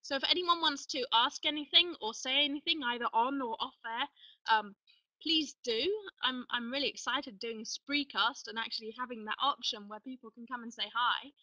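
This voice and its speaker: Woman host for a casual live stream: high, very bright voice, eager and rambling, dry sound set a little back from the mic. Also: normal speed, no room sound, recorded from a distance, poor audio. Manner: chatty, excitable, rambling with restarts.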